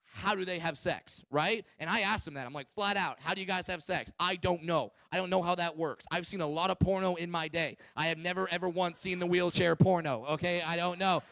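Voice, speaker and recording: A high, bright-voiced man tells crude stand-up stories with brash, profane energy. His voice is close and dry, with no room sound around it. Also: steady tone, brisk, hardly any pauses, no room sound. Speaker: stand-up comedian. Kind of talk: stand-up comedy set.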